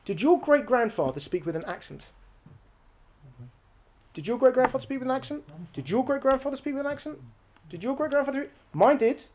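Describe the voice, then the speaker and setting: A woman's voice: high-pitched, animated, brisk, long pauses, darkish tone, slight background noise. A woman giving a live religious class, explaining with a diagram, asking the audience questions and repeating lines for emphasis. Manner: explains using a picture or diagram. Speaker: religious teacher.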